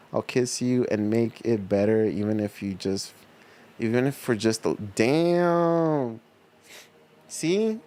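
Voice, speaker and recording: Here a middle-aged man with a mellow, mid-range voice runs a livestream. He reads out what viewers write in chat and answers in a loose, slangy, laid-back manner, often breaking into laughter.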